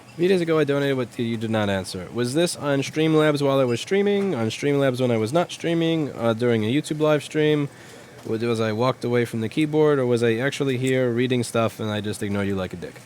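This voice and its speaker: Brief: young male streamer, mid-pitched, blunt and profane, rambling chat with faint noise behind. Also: brisk, darkish tone. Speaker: livestream host, repair shop owner. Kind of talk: casual livestream chat answering viewers.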